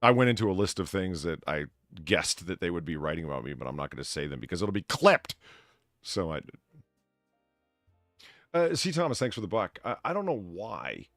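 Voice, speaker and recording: A man's voice: sits low, big pitch swings, normal speed, a bit bright, no echo, studio quality, soft background music. A man hosting a casual live stream, thanking donors and rambling in a self-deprecating way. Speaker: bartender host.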